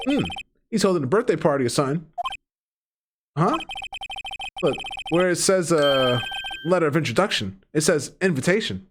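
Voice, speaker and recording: A lively, jokey streamer reading game dialogue and riffing on it, with a voice that swings widely in pitch. The talk is loose and animated, with game music steady behind it. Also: normal speed, long pauses. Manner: animated, jokey, swears often.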